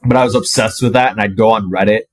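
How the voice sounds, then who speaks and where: With a lowish voice and a quick pace, a male fitness coach in his twenties shares a personal story to the camera, with no room sound at all. He swears freely, stays animated, and fills nearly every gap with "like."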